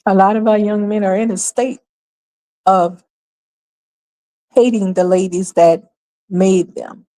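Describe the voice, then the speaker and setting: A woman's voice: mid-range voice, steady tone, takes it slowly, long pauses, warm tone. A woman from New York hosting a livestream, delivering emphatic, sarcastic, opinionated commentary full of rhetorical questions. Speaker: livestream host.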